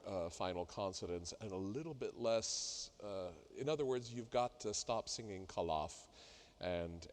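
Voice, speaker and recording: A middle-aged man coaching a singer in a masterclass, talking haltingly with many fillers and sung demonstrations. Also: low-pitched, darkish tone. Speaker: vocal coach leading a masterclass. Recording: reverberant hall.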